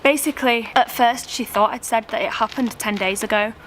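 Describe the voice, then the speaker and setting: A woman with a somewhat high voice talks to a handheld camera outdoors beside a road. She rambles and trips over her words in a chatty vlog manner, and faint noise sits behind her. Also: brisk, fairly bright tone. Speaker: family vlogger. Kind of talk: casual vlog chat to camera. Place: outdoors at a roadside.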